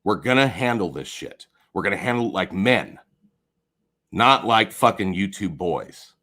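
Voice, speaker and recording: An angry man on a livestream, swearing and swinging between low mutters and shouts. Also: lively intonation, a little slow. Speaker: streamer. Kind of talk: heated livestream rant.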